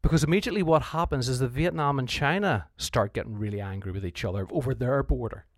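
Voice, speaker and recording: A man talks through a history lesson in a casual, storytelling way, restarting sentences as he goes. His voice sits at a middle pitch and is recorded close and dry, with no room sound. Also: fast talker, no room sound. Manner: conversational, restarts often, acts out quoted leaders. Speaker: history teacher. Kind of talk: informal history explainer.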